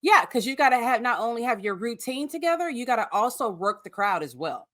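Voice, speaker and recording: A woman's voice: on the high side, sing-song, fairly quick, a bit bright, dry recording, studio quality. A woman guesting on a casual reality TV recap podcast. She is blunt and outspoken and laughs easily.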